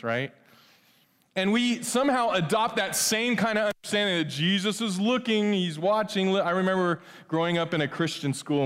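A man preaching a conversational sermon as pastor, swinging between loud emphasis and hushed, tender passages. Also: a little high, smooth. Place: church sanctuary. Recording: long hall reverb.

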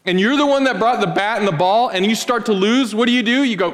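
A man's voice: high-pitched, lively intonation, brisk, few pauses, long reverb tail. A male pastor preaching in a conversational, joking way, acting out little everyday scenes. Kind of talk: sermon. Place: church.

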